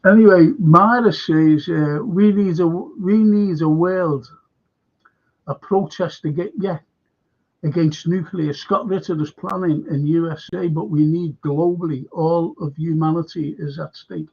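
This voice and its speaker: A man's voice: fairly high pitch, steady tone, measured pace, creaky, breathy edge. A man hosting a casual current-affairs livestream, rambling, reading viewer comments aloud and trailing off mid-sentence. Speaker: livestream host. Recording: dull lo-fi stream audio.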